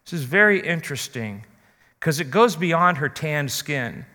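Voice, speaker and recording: A man's voice: fairly high pitch, lively intonation, unhurried, sharp tone, big-room sound. A man preaching a sermon as pastor, talking earnestly and straight to his listeners. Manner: earnest, direct address to listeners.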